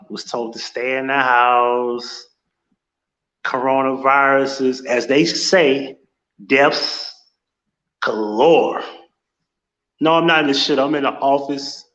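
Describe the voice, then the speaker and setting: A man's voice: medium pitch, fairly bright tone. A man hosting a casual live stream from his office, cursing freely and greeting chat viewers as he talks. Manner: profane, loose and talkative, greeting chat viewers. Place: home office. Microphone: without headset, room mic. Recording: echoey room, dull lo-fi sound.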